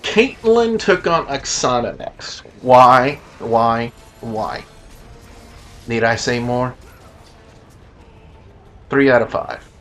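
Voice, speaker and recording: A man's voice: medium pitch, big pitch swings, takes it slowly, long pauses, a bit bright, faint music behind. A man giving a casual, rambling review of a wrestling show and rating each segment out of five, with lots of "uh" and "you know". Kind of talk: casual spoken review with scores.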